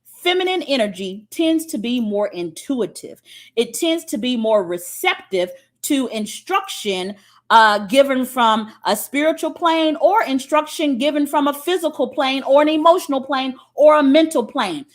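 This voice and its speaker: Woman preaching relationship advice, fairly high voice, swears a lot, keeps saying okay. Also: lively intonation, unhurried. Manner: blunt, profane and emphatic; frequent checking "okay?". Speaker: spiritual teacher. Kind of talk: spiritual teaching monologue.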